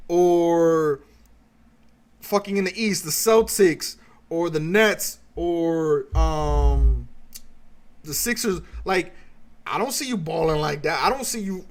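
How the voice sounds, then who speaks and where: High-pitched guy ranting in a reaction stream, sarcastic, cussing nonstop. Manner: heated, sarcastic, swears a lot. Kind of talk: profane reaction rant.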